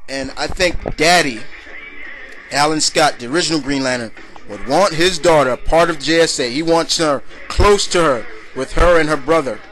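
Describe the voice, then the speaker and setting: A man's voice: on the high side, normal speed, fairly bright tone, soft background music. A young man hosting a casual video blog, answering viewer questions in a rambling way with many fillers and restarts.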